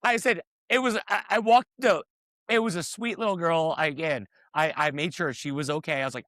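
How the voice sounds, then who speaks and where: Male co-host, higher voice that jumps around, dry sound, storyteller. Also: a little fast, no echo. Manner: animated storyteller, acts out quotes. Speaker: podcast co-host. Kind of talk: casual chat.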